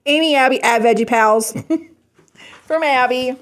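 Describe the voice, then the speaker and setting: Woman vlog host, slightly high, unhurried, sentimental and effusive with thanks. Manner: gushing, sentimental, warm thanks. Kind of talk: casual chat, opening fan mail.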